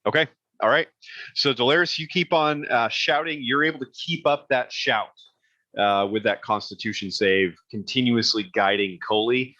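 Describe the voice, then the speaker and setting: Bright-toned game master, lo-fi sound. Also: male voice, mid-range voice, steady tone, moderate pace, dry recording. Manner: easygoing, chuckles often, many "uh"s. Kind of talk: running a tabletop game. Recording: dull lo-fi audio.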